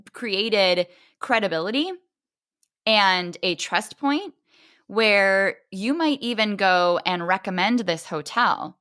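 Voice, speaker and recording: A woman hosting a parenting podcast, explaining her point and acting out customer-service exchanges in animated quoted voices. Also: lowish voice. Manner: explanatory, acts out quoted dialogue in lively voices. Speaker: podcast host. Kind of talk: parenting advice monologue.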